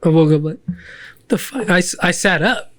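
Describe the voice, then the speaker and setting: A man, a little drunk, telling profane stories in an animated way in a casual podcast chat. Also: fairly high pitch, quick pace. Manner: profane, animated storyteller acting out his own yelling. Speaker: podcast host.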